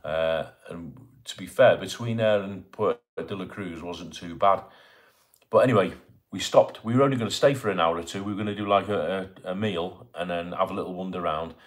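Speaking a little quickly in a low-pitched voice, this middle-aged livestream host chats casually from his home in Bournemouth. He reads out comments as they come in and welcomes each viewer by name.

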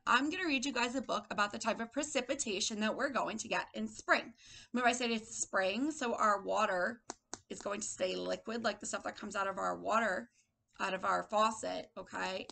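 Bright, gravelly-voiced woman teaching little kids. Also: on the high side. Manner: patient, sing-song prompting. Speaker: preschool teacher. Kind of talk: circle-time lesson for young children. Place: indoor room with a table.

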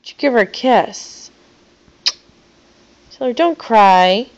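A woman's voice: a little high, slow, a little mellow, dull audio. A woman talking playfully to a toddler in a coaxing, sing-song way, recorded on a phone. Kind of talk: home video chat with a small child.

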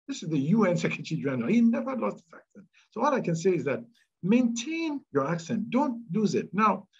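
A man from Ghana with a Ghanaian accent, giving career advice in an animated, emphatic way and repeating his key points. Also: medium pitch, husky, dull audio. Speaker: speaker answering audience questions.

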